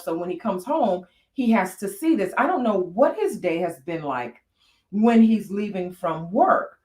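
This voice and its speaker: A woman's voice: mid-range voice, very animated, moderate pace, a little mellow, echoey room. A woman co-hosting a candid conversation about marriage, telling personal stories. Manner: reflective, storytelling with frequent fillers. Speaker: podcast co-host.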